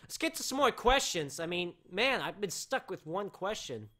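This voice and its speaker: A man hosting a casual live talk show, excitable and rambling, with his voice cracking and breaking into sudden shouts. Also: high-pitched, moderate pace.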